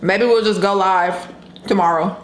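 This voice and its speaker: A woman's voice: mid-range voice, fairly even intonation, moderate pace, slight background noise. A woman vlogger in casual chat, laid-back and cussing freely. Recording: echoey room with music behind.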